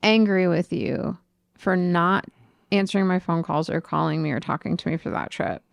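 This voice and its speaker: A woman with a gravelly, fry-edged voice tells stories in an animated, exasperated way, swearing freely. She is co-hosting a casual studio chat, recorded close to the mic in a dry, dead room. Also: on the low side, moderate pace, dry recording. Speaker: podcast co-host.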